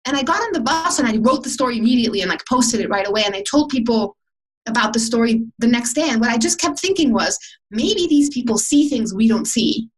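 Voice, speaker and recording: A woman's voice: fairly high pitch, expressive, brisk, slightly rough, rough recording. A woman guest on a podcast, telling emotional, reflective personal stories in conversation with many restarts.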